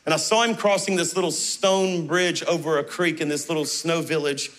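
A middle-aged pastor, preaching a sermon with passionate, animated storytelling. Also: male voice, a little high, moderate pace. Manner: passionate, animated, acting out dialogue.

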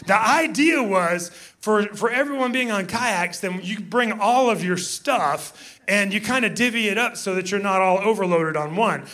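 A man in his fifties, a pastor telling a story in a sermon, animated and laughing as he acts out shouts. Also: sits high.

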